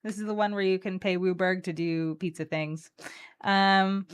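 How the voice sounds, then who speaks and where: A woman's voice: medium pitch, steady tone, normal speed, clean tone. Chatty woman opening card packs. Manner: chatty, playful, reads card text aloud. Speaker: co-host of card game stream.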